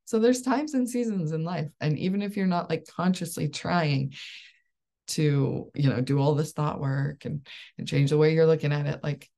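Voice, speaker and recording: A woman's voice: low voice, moderate pace, vocal fry, dark tone. A woman in her thirties, a coach and support group host, talking casually and upbeat, laughing often as she explains. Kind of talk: casual solo coaching talk.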